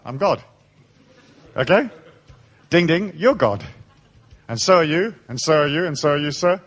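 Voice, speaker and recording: A man addresses a live seminar audience in an animated, irreverent way, peppering his stories with casual swearing. His voice sits a little high, and it rises and falls in wide, expressive swings. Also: moderate pace. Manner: irreverent, swears freely, playful storytelling. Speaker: seminar speaker.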